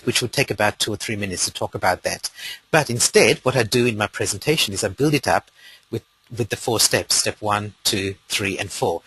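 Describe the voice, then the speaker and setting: Husky-voiced man teaching a webinar. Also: lowish voice, pushed and bright, dry recording, rough recording. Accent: Australian. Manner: conversational, explains step by step with fillers. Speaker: webinar presenter.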